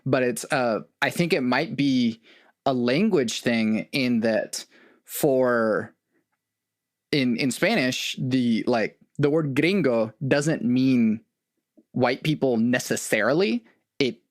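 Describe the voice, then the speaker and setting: Slow, hesitant American male podcast host. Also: medium pitch, no room sound, studio quality. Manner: hesitant, reflective, restarting phrases. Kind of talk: casual conversation.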